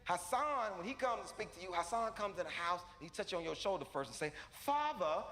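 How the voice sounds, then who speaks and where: A man's voice: high-pitched, quick pace. A male stand-up comedian telling a family story, repeating lines for effect. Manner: animated, with repetition for effect. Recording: live hall with background noise.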